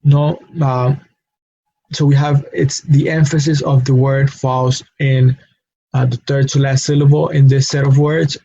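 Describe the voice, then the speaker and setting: A man teaches pronunciation rules, pausing often with fillers and repeating each example word. His voice is mellow and husky and stays flat in pitch. The recording sounds dull and lo-fi. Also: slight background noise. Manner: slow, hesitant with many fillers, repeats example words. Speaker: Spanish teacher.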